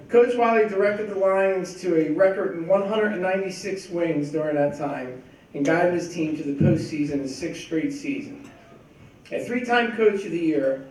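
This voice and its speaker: A man acting as master of ceremonies, reading prepared introductions in a measured, formal way. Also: fairly high pitch, a little mellow, a little hiss or hum. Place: large echoey banquet room. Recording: echoey hall, distant mic.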